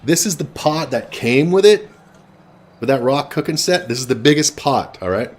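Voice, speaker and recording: A man's voice: mid-range voice, animated, normal speed. A man telling a rambling personal story in a blunt, casual way with frequent swearing, while streaming a game. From Canada.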